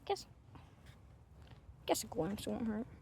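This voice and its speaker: A woman's voice: on the high side, big pitch swings, takes it slowly, background noise. A woman vlogging outdoors with a handheld phone, speaking in a put-on Australian accent and chatting to a cat. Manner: chatty, coos and talks to the cat. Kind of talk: casual vlog talking to a cat.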